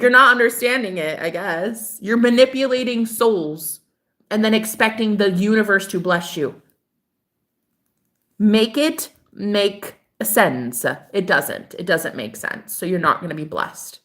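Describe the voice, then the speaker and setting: Bright-voiced woman chatting animatedly. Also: medium pitch. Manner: animated, swearing, laughing often. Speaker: spiritual vlogger. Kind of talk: casual monologue to camera.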